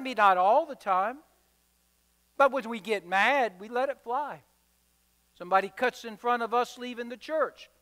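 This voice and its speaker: High-voiced emphatic preacher. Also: male voice, pushed and bright, clean tone. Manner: emphatic, rhythmic repetition. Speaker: pastor. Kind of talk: sermon. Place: church sanctuary. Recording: reverberant church hall.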